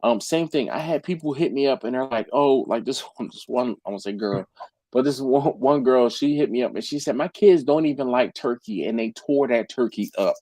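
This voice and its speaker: A man's voice: mid-range voice, a little fast, mellow, no echo, studio quality. A man who hosts a barbecue channel, telling stories in a casual live group chat. He talks in slang and acts out his customers' messages. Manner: uses slang like "yo", "fam", "dog". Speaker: BBQ caterer and channel host.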